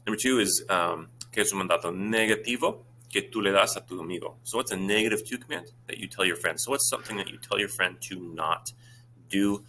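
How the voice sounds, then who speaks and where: Deep-voiced teacher talking students through questions. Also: male voice, pushed and bright, a little hiss or hum. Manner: brisk, informal, many fillers, switches to Spanish for examples. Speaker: Spanish teacher. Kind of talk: explaining exam questions to students.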